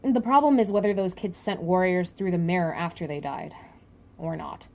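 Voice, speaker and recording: A woman's voice: lowish voice, moderate pace, darkish tone. A woman casually reviewing a comic chapter, chatty and full of fillers and restarts.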